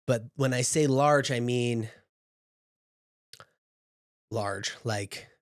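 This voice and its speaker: A man narrating a tabletop game as game master, describing scenes at an unhurried pace with casual asides. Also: mid-range voice, no room sound, studio quality.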